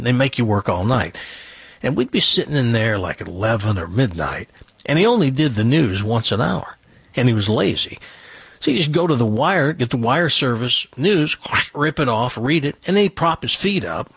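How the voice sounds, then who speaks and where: An older man hosting a radio show, telling stories in casual studio chat and dropping into a deep voice for quotes. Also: vocal fry, breathy edge, no room sound. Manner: animated storyteller, drops into a deep put-on voice for quotes.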